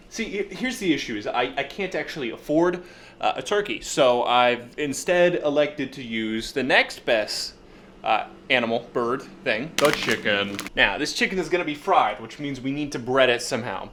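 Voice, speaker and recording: A man's voice: mid-range voice, a bit bright, slight background noise. A man narrating a cooking vlog in a playful, mock-earnest way, hyping up strange dishes as he makes them. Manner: playful, mock-earnest, hypes up bad food. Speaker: cooking vlogger.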